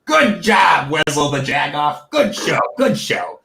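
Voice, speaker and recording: Bossy goblin chief, showy and commanding; a man voices him, bright tone, roomy echo. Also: medium pitch, big pitch swings, a little slow. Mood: gleeful. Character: goblin leader, male, sly and bossy.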